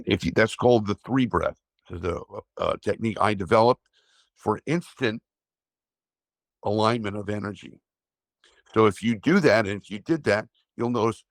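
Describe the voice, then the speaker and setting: A man, an energy healer, calmly guiding a breathing exercise and explaining it in a slow, steady way. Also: fairly low pitch, no echo, studio quality. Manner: slow, calm guiding with drawn-out pauses. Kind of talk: guided breathing instruction and talk.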